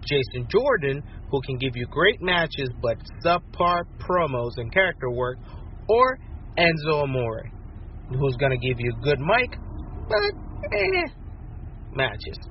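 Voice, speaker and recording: A man's voice: medium pitch, big pitch swings, slow pace, highs cut off, a little hiss or hum. A man sending in a recorded question to a podcast, speaking playfully and sprinkling in Spanish greetings. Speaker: listener sending a video question. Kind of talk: casual recorded question segment.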